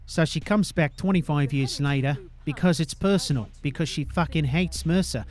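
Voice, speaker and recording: A man's voice: on the high side, moderate pace, a little mellow. A young man giving casual gameplay commentary, swearing freely and tagging his sentences with "eh?". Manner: profane, ends sentences with "eh?". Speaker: gamer.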